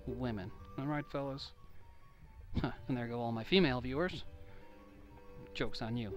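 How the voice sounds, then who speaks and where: This young man's voice is medium-pitched and moderately paced, broken up by long pauses, and the recording has its highs cut off. He jokes and rambles his way through casual let's-play commentary, often poking fun at himself, with video game music underneath.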